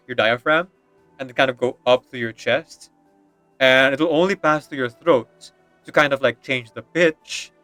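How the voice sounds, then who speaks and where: A man's voice: medium pitch, pushed and bright, smooth, dry recording. A man chatting casually while streaming a game, rambling with lots of fillers and frequent laughter, with faint game music behind. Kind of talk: casual chat while gaming.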